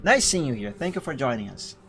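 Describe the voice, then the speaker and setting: A man on a live stream, reading a visual novel aloud and chatting with viewers in an animated way, often laughing. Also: mid-range voice, fast, creaky. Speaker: game streamer. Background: faint game music.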